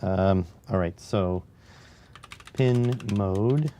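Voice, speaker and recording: A deep, warm voice speaks very slowly, with a little hiss or hum in the background. The man is hosting a casual coding stream, losing his voice and muttering to himself in the gaps between chat answers, on a clip-on mic by his chest.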